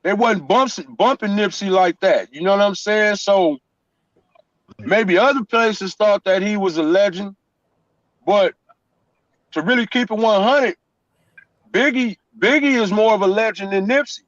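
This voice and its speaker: A man talks in a fairly high voice, emphatic and story-driven, and keeps checking in with the listener. The sound is dull and lo-fi, like a call line, and very dry. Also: unhurried, pauses often, a bit bright, no room sound. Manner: emphatic street storytelling, repeats "you know what I'm saying". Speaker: guest. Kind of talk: casual chat.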